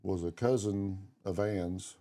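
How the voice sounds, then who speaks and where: This middle-aged man has a deep, mellow voice and talks slowly. He's a podcast co-host in casual conversation, telling long personal stories bluntly and casually, with plenty of swearing.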